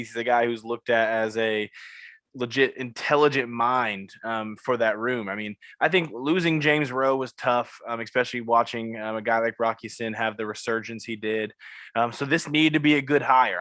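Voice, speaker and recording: A man's voice: medium pitch, fairly bright tone, dry recording. A man co-hosting a casual sports podcast, breaking down a coaching hire with lots of "um" and "I mean". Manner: analytical, frequent "um" and "I mean". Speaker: podcast co-host.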